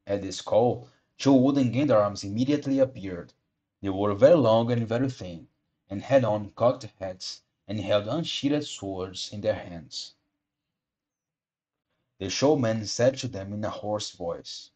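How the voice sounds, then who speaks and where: A man with a fairly low voice reads a storybook aloud at a measured pace. He sometimes slips over a word and reads the line again. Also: mellow. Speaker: audiobook reader. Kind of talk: storybook narration.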